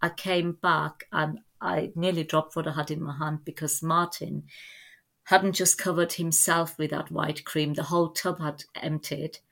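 A middle-aged woman telling family stories as a podcast guest, in a lively anecdotal way. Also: deep voice, a little slow, gravelly. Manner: lively anecdotal storytelling with laughs. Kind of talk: storytelling in a podcast interview.

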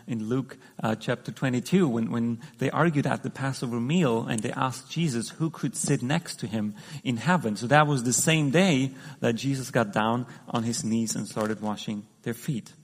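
A man's voice: mid-range voice, moderate pace, few pauses, husky. A man giving a conversational sermon, talking through the scripture with frequent restarts and fillers. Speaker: preacher. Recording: long hall reverb.

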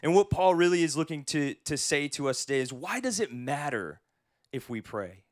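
A man in his thirties preaching a sermon as pastor, telling humorous stories in an animated way. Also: on the high side, normal speed, no echo, studio quality.

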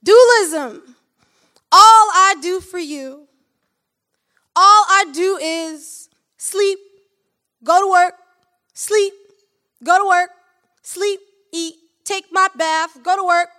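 A woman's voice: very high voice, takes it slowly, long pauses, pitched above the performer's own voice, exaggerated voice. A woman performing, in a spoken-word poem, the voice of a stern, weary working father who bluntly scolds his children. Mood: scolding. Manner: blunt, scolding, listing chores in a flat cadence.

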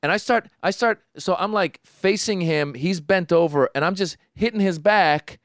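A podcast co-host tells his friends a story in a smooth, slightly high voice at a moderate pace, recorded close and dry. He's animated in this casual chat, often restarting sentences and acting out the voices of the people involved.

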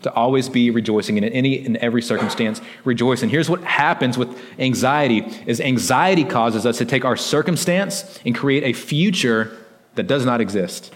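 A man's voice: mid-range voice, normal speed, in a large hall. A man preaching a sermon as pastor, in a loose conversational way, often tossing in "like" and "right?" to his listeners.

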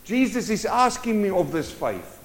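A man preaching a sermon, swinging from loud urgent bursts to hushed, intimate lines. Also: sits high, very animated, normal speed, a little hiss or hum. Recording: long hall reverb.

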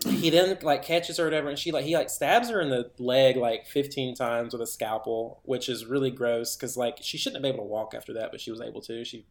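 A man's voice: mid-range voice, steady tone, a little fast, reverberant. A man co-hosting a podcast, retelling a movie in a casual, rambling way with lots of fillers and acted-out lines. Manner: rambling, filler-heavy, acts out characters' lines. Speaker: podcast co-host.

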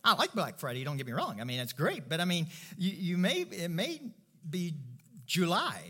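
High, bright-voiced preaching man. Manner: emphatic, call-and-response preaching with shouts of "woo"; swings from low murmurs to loud declarations. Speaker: pastor. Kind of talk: sermon.

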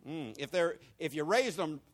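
High-pitched preacher, soaring and dipping. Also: male voice, expressive, moderate pace. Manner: preaching with big swings in pitch and volume, rhetorical questions to the congregation. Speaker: pastor. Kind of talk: sermon.

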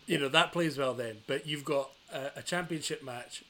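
A man's voice: a little high, moderate pace, fairly bright tone. A man co-hosting a wrestling podcast, telling stories with wry, dry humour in casual chat. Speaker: podcast co-host.

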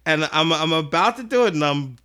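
A man's voice: fairly high pitch, fairly quick, smooth. Casual man telling a story. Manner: profane, animated, acts out quotes. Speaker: podcast guest.

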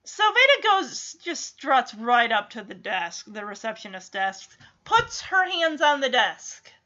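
A woman's voice: on the high side, very animated, a little slow, sharp tone. A woman giving casual, sarcastic running commentary while watching a film, laughing often. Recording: slightly dull lo-fi audio.

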